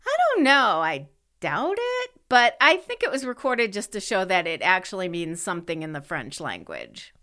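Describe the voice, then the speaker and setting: A woman co-hosting a casual podcast chat and telling stories with lively energy. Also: fairly low pitch, normal speed. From United States. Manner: lively storyteller. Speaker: podcast co-host.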